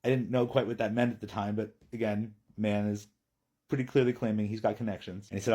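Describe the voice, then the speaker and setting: A man telling a personal story in a chatty, animated vlog. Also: lowish voice, fast talker, husky.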